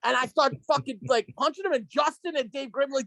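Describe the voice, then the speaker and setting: A man telling profane stories as a podcast guest, animated and laughing as he goes. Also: extremely high pitch, fast, no echo. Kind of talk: casual podcast storytelling.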